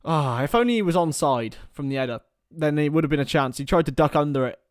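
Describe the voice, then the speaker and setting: A young man giving partisan live commentary on a football match for a fan watchalong, chatting casually between the action and getting loud at chances. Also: on the high side, fast, dry recording, clean studio sound. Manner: partisan, rises to excited shouts at chances.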